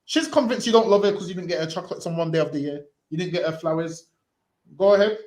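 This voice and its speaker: A man street preaching forcefully, repeating himself and ending phrases with "man". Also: high voice, quick pace, reverberant.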